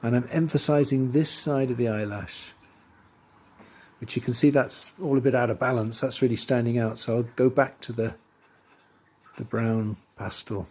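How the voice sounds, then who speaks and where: A man teaching drawing, talking through his steps as he works and trailing off quietly into asides. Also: mid-range voice, fairly even intonation, moderate pace. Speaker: art teacher. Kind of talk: drawing tutorial voice-over.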